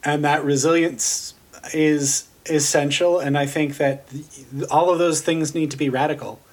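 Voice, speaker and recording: A man's voice: on the high side, fairly even intonation, normal speed. A man hosting a casual discussion podcast, talking earnestly and thinking aloud with many fillers and restarts. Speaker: podcast host.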